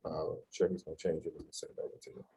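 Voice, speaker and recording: A male coach talks over a video call in a deep, mellow voice. He is blunt and playful, pushing his client in a friendly way. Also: little pitch movement, very fast, poor audio. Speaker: fitness coach.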